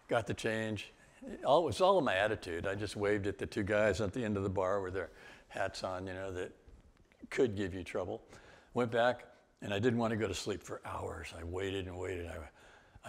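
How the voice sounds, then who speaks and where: An older man giving a guest-speaker testimony, telling his story in a lively way with laughs and sudden exclamations. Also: on the low side. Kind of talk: testimony talk.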